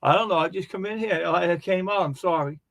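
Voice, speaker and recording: A man with a somewhat high voice rambles through funny stories and acts out what other people said. The sound is close and dry, with no room around it. He talks loosely, in casual chat. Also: quick pace, vocal fry, a bit bright, no room sound. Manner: rambling joke-telling, acts out quoted voices. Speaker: live stream host.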